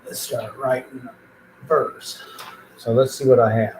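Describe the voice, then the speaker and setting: A man's voice: mid-range voice, fairly even intonation, measured pace, pauses often, low-quality recording. A man with an ordinary, mid-range voice talks through rap lyrics as he drafts them. He mutters, tries lines out in a half-rapping cadence and thinks aloud. A faint hiss sits under the recording. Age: adult with a daughter. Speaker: podcast host writing rap lyrics. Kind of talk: thinking aloud while writing rhymes.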